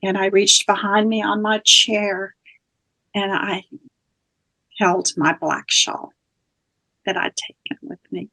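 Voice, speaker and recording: A woman's voice: mid-range voice, steady tone, takes it slowly, vocal fry, long pauses, bright, forceful tone. A woman guest, a spiritual teacher, earnestly telling a personal story in conversation, with small restarts.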